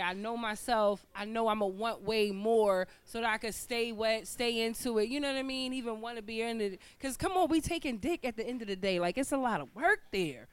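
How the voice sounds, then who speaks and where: Woman in the crowd talking real frank, smooth clear voice. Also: fairly high pitch. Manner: frank, candid, profane. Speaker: audience member. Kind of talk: live podcast debate.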